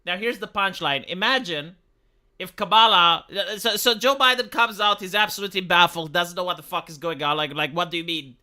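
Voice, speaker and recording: A man's voice: high voice, brisk. A man from Romania, ranting casually on a live stream with lots of stammers and swearing. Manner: profane, stammering, animated. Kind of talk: casual livestream rant.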